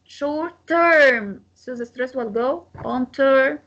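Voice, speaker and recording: A woman's voice: sits high, slow, a bit bright, muffled recording. A woman teaching an English class on word and sentence stress, repeating words and breaking them into syllables, with small grammar slips. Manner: non-native grammar slips.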